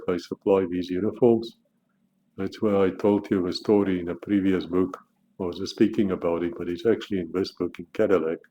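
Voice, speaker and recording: Low dark male voice, blunt and sarcastic, casual talk, muffled recording with faint noise. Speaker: author discussing his book. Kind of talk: casual spoken monologue.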